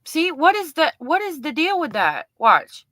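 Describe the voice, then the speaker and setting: Woman, middle-aged, chatty livestream host, bright forceful voice, dry close sound. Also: sits high, big pitch swings, measured pace, dry recording, low-quality recording. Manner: chatty, reads viewer comments aloud. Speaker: livestream host covering a trial. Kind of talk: casual livestream chat with viewers.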